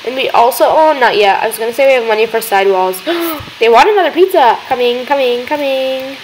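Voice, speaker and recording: A young woman hosting a gaming video, chattering excitedly as she plays and talking to the characters on screen. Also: on the high side, fast talker, a little hiss or hum, poor audio. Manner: excitable, gasping, talks to game characters. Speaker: gaming channel host. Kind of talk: let's-play commentary.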